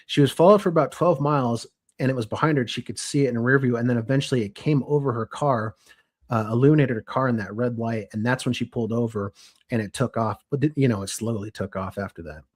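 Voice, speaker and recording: A young adult man co-hosting a podcast, telling a story from his notes in a lively, casual way with frequent restarts. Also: medium pitch, fast. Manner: animated, restarts and self-corrections. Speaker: podcast co-host.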